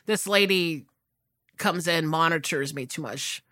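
A woman's voice: low-pitched, measured pace, pushed and bright, no echo. A woman co-hosting a podcast, chatting casually with emphatic swearing. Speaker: podcast co-host. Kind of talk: casual chat.

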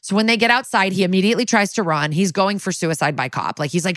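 Low-voiced woman podcaster recapping an episode, doing little voices for the lines, super dry sound. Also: no echo. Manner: animated retelling, acting out lines in quick voices. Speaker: podcast co-host.

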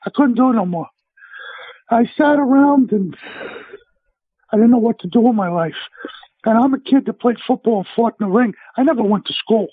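A husky, very high-voiced middle-aged man, an American celebrity chef, tells brash and blunt stories with animation during a casual phone interview. He keeps a moderate pace broken by long pauses, and the tinny phone audio has no echo.

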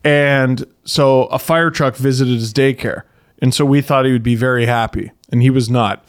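A man in his thirties, co-hosting a casual podcast chat, telling animated stories. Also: medium pitch, normal speed, clear, resonant tone. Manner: animated storyteller, puts on voices in quotes. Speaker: podcast co-host.

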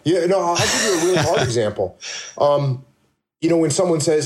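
A man's voice: fairly high pitch, expressive, a little fast. A man speaking as a leadership consultant in a casual podcast conversation, blunt and emphatic, often firing rhetorical questions.

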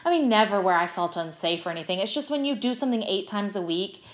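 A middle-aged woman talks through backstage stories in an easygoing interview, bubbly and animated with lots of little fillers. Her voice sits at an ordinary pitch for a woman, and the room around her rings with echo. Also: quick pace. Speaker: guest, stage actress. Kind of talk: casual interview chat.

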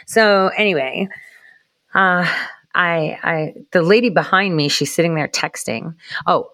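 A woman's voice: fairly low pitch, a little slow, fairly bright tone, no echo. A woman casually telling a personal story in a chatty, profane way, sometimes dropping into whispered asides. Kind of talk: casual anecdote.

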